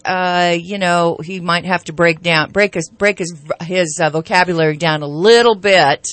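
A woman's voice: fairly low pitch, normal speed, a bit bright, no echo. A woman co-hosting a local radio talk show, speaking casually and hesitantly with restarts. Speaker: radio co-host.

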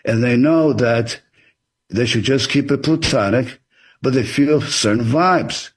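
A man with a husky, mid-range voice speaks at an unhurried pace while being interviewed as an author. He explains things in an earnest, advisory way and acts out example dialogue.

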